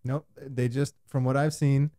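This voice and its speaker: A man's voice: medium pitch, little pitch movement, a little slow, mellow, dry recording, studio quality. A man chatting casually with a friend while they build a project together, teasing him playfully. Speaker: co-host. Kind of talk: casual chat while doing a craft project.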